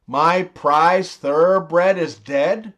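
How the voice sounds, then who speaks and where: A man's voice: fairly high pitch, extremely slow, a bit bright, pitched below the performer's own voice. A man voicing a wealthy estate owner who grows more indignant with each answer. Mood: outraged. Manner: indignant, exclaiming. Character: rich male estate owner, easily outraged.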